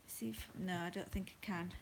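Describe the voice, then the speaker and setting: A woman's voice: lowish voice, steady tone, moderate pace, creaky, slight background noise. A woman hosting a casual livestream on her phone from home at night, chatty and apologetic, greeting viewers by name. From England. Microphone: phone held close.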